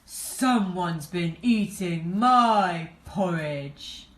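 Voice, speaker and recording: A woman voicing a big, gruff father bear in a storybook reading. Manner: slow, booming and gruff.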